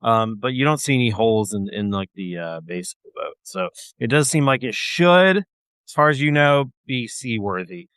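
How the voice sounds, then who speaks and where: A man's voice: mid-range voice, expressive, normal speed, fairly bright tone, clear, resonant tone, no room sound. A man narrating as game master of a tabletop game, casual and hesitant.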